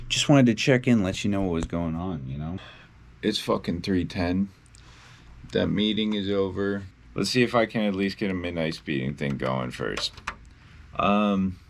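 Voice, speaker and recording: Deep slow-talking young man, blunt and profane. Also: creaky, a little hiss or hum. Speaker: independent musician. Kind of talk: casual video diary. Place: at home.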